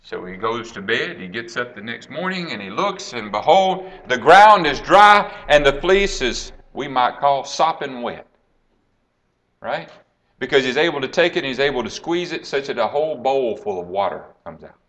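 A man preaching, retelling a Bible story with dramatic swings between hushed and raised delivery and acting out the quoted lines. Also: mid-range voice, animated, normal speed. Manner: dramatic storytelling, acts out quoted lines, drops to a hush then rises.

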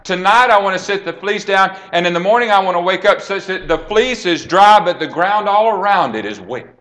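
A man preaching, retelling a Bible story with dramatic swings between hushed and raised delivery and acting out the quoted lines. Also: sits high, lively intonation, fairly quick. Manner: dramatic storytelling, acts out quoted lines, drops to a hush then rises.

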